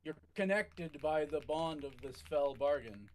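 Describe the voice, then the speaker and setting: A man narrating a tabletop game as its game master, measured and halting, with frequent restarts. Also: a little high, animated, slight background noise.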